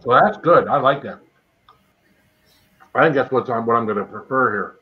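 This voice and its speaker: A man's voice: medium pitch, lively intonation, moderate pace. Man, live-stream host, casual chat while eating, muffled lo-fi sound. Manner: chatty, greets viewers by name while eating. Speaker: livestream host doing a spicy food tasting. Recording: dull lo-fi stream audio.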